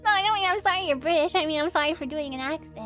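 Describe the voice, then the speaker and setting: Giggly high-voiced woman game streamer. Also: rapid-fire, pushed and bright. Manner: giggly, chatty, thanking viewers. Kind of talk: live game stream, reading dialogue aloud. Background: faint game music.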